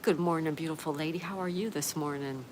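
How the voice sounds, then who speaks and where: A woman's voice: low voice, brisk, a little hiss or hum. A woman from Florida hosting a livestream, chatting and reading viewer messages aloud. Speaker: livestream host. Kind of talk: reading live chat aloud. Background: rain ambience.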